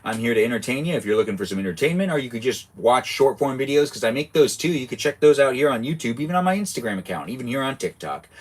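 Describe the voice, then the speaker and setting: Young man, live streamer, rambling casual chat, mid pitch. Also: expressive, quick pace, few pauses. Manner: rambling, chatty, self-interrupting.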